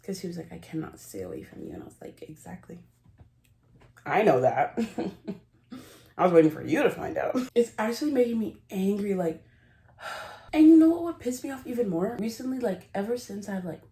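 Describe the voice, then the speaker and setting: A woman's voice: mid-range voice, mellow. Rambling giggly woman in an echoey room. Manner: rambling, giggly, self-interrupting storyteller. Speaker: vlogger. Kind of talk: casual confessional chat. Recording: roomy echo.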